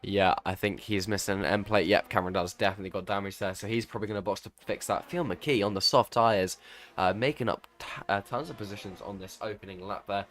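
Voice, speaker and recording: A man's voice: lowish voice, quick pace. A man commentating on a sim racing league event, calling the race with energy and often stopping to correct himself. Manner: excitable race calls, self-correcting. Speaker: lead commentator.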